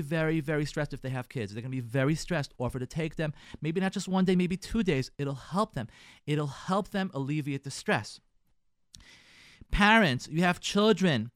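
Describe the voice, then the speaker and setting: A higher-voiced male rabbi and radio show host gives advice to listeners, coaching them and acting out sample dialogues in a softer voice. He repeats phrases and stammers on word starts, and the recording is dry and studio quality.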